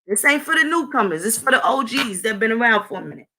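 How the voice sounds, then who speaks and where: A woman hosts her own channel in a casual monologue, speaking bluntly and emphatically with frequent profanity. Her voice sits fairly high for a woman. It has a bright, forceful ring. She talks loosely and conversationally, repeating points for weight. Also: animated, fast.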